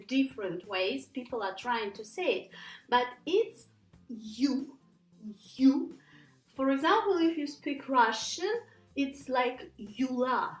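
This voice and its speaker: A woman teaching an English pronunciation lesson, patiently repeating words slowly for learners to copy. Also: high voice, roomy sound, poor audio.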